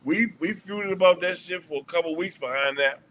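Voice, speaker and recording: A man with a high, bright voice chats on a livestream. He tells a story in a loose, rambling way, cursing freely and restarting his sentences. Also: brisk, a little hiss or hum, rough recording. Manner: profane, rambling, restarts often. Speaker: stream host.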